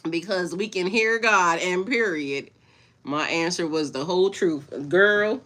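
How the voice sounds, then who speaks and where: A woman's voice: on the low side, unhurried, sharp tone. A woman in her forties, a spiritual coach chatting casually with livestream viewers, blunt, swearing freely and laughing often.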